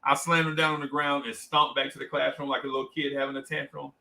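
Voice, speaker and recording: On poor audio, a man running a livestream rattles through a story fast in a mid-range voice with vocal fry. He animates the telling by performing different voices and also reads the chat out loud.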